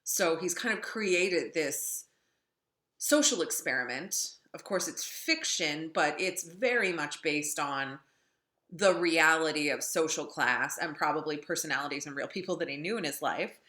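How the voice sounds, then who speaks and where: A woman lecturing on literature in a chatty, wry way, filling pauses with ums. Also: low-pitched, expressive, bright, forceful tone. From North Dakota. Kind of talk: classroom lecture. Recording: echoey room.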